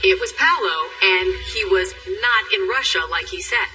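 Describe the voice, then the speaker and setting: Bright-voiced woman narrating a documentary. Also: mid-range voice, lively intonation. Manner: measured, dramatic questioning. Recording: distant mic with faint music.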